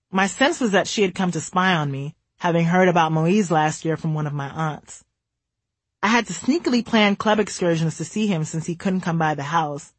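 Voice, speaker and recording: A woman's voice: on the low side, dry recording. A woman from the United States, narrating her own memoir in a candid, wry way.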